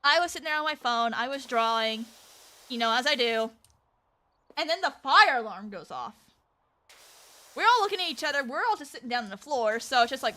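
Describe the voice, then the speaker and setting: A young woman with a high, bright, sharp-edged voice chats casually as a streamer. She rambles through a story, leaning on fillers and the occasional curse word. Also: lively intonation, fairly quick, pauses often. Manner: rambling and chatty, with frequent fillers and swearing. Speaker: VTuber streamer.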